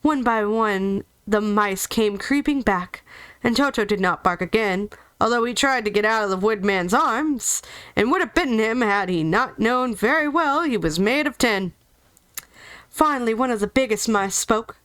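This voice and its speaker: Southern woman storyteller, playful, chatty, fairly high voice, dry close sound. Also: moderate pace, a bit bright, clean tone, no echo. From Georgia, US. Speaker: storybook reader. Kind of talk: reading a children's novel aloud with casual asides.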